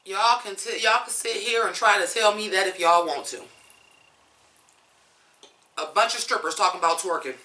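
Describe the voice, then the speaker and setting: Bright, blunt woman ranting. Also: medium pitch, normal speed, long pauses, roomy sound. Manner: blunt, profane, fired-up. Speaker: music reviewer. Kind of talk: ranting song review.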